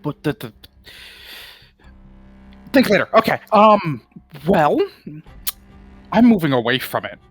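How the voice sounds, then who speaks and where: A player in a casual tabletop game, hesitant and thinking aloud, swearing, with bursts of excitement. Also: medium pitch, takes it slowly, long pauses, husky, soft background music.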